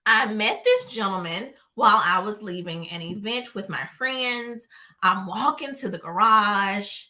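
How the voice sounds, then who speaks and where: A woman vlogger telling a personal story to her viewers in a casual, animated way, acting out what others said. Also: medium pitch, a little slow. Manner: animated, acts out quotes.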